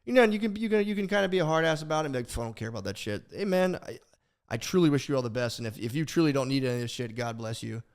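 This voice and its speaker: A young man co-hosting a podcast, telling a story in a rambling, profane, animated way, full of restarts. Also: a little high, racing, clear, resonant tone. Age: young adult. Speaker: podcast co-host. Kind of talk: casual podcast chat.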